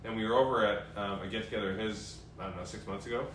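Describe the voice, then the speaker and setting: A man's voice: fairly low pitch, steady tone, rapid-fire, fairly bright tone, a little hiss or hum. A man in his thirties in a casual live-stream chat at home, chatty and rambling with many fillers. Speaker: TV host. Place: home, indoors. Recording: echoey room from a distance with faint ambience.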